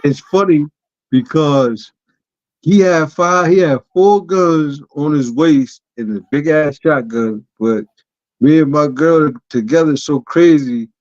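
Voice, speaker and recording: A man casually telling a wild story as co-host of a chat show, acting out the people in it with sudden jumps in his voice. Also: slow pace. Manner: animated, acts out quoted voices with sudden pitch jumps. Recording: dull lo-fi audio.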